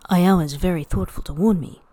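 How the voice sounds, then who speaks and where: Brief: gentle, soft-spoken young man, quietly affectionate, as a woman reads him in a podfic. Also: lowish voice, a little fast, natural voice. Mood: fond. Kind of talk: podfic reading.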